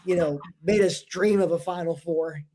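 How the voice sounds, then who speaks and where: A man co-hosting a casual chat, chiming in quickly with short agreements and side comments. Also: fairly high pitch, dark tone, a little hiss or hum. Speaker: podcast co-host.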